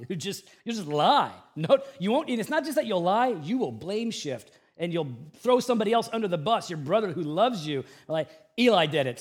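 A pastor in his thirties preaching a sermon, with a humorous storytelling manner and lively shifts. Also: a little high.

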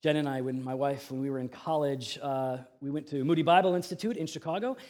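A middle-aged male pastor preaching a sermon, telling a story in a relaxed conversational way with fillers. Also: mid-range voice, fast talker.

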